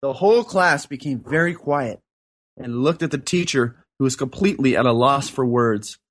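A man's voice: mid-range voice, expressive, normal speed. A man co-hosting a spiritual podcast, chatting casually and reading passages and jokes aloud in an earnest way. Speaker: podcast co-host.

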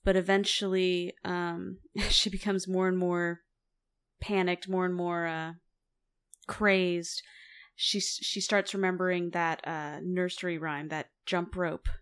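Tabletop player, woman, expressive storyteller with a low-pitched voice. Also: slow pace, clear, resonant tone. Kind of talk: casual chat and role-play storytelling.

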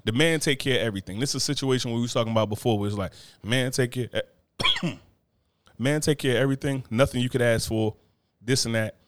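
A man co-hosting a podcast, chatting casually with animated, profane banter. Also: mid-range voice, no room sound. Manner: animated, profane, laughing asides. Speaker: podcast co-host.

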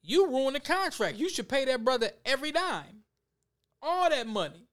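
A man's voice: high voice, animated, brisk, a bit bright. A man reading news aloud and breaking in with heated, emphatic, repetitive commentary to his viewers. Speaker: commentary vlogger.

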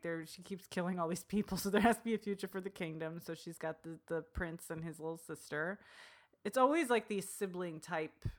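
A woman co-hosting a casual book discussion, animated, acting out characters' lines as she retells the story. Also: medium pitch. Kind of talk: casual chat.

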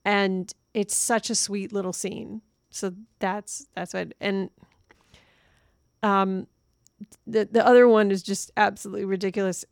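A woman co-hosting a casual movie review chat, animated and laughing often as she recounts favorite scenes. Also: medium pitch, unhurried, gravelly, no room sound, clean studio sound. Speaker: podcast co-host.

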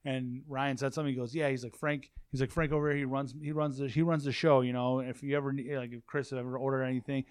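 A man talking casually in a dry, close-sounding room, his pitch sitting in an ordinary middle range. He rambles through stories, swears freely, and restarts his sentences again and again. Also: little pitch movement, fast, hardly any pauses, darkish tone, smooth, dry recording. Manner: rambling storyteller, swears, repeats himself. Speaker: podcast guest, warehouse manager. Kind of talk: casual chat. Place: office at a work facility.

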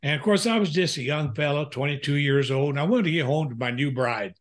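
An older man who works as a pastor and counselor tells a candid personal story in an interview. He is earnest but halting, using frequent fillers, and his voice is fairly high.

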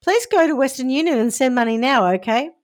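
A woman's voice: high-pitched, lively intonation, a little fast. A woman voicing a pushy male romance scammer who wheedles in broken English. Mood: wheedling.

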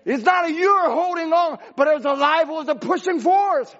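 A man preaching a sermon as pastor, impassioned and rising to shouts, with broken grammar. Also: extremely high pitch, moderate pace, dull audio.

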